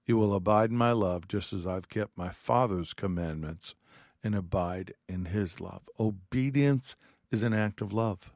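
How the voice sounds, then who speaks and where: A man's voice: fairly low pitch, a little slow, a little mellow, no echo, studio quality. A man giving a heartfelt radio Bible teaching, reading scripture aloud and speaking earnestly.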